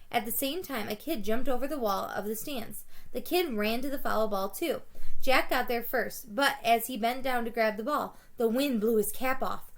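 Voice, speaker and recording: Teacher reading a children's book aloud. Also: female voice, fairly high pitch. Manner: plain storybook reading with small self-corrections, livelier on shouted quotes.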